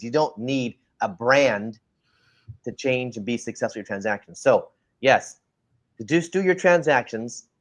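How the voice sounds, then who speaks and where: A man co-hosting a casual talk show, ranting bluntly and lecturing the listener directly. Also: medium pitch. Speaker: podcast co-host.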